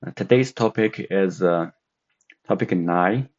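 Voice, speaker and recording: A man gives a slow, careful language lesson, often pausing on filler sounds. His voice is low and mellow. The recording is dull and lo-fi. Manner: hesitant, many filler sounds. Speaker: Chinese language teacher.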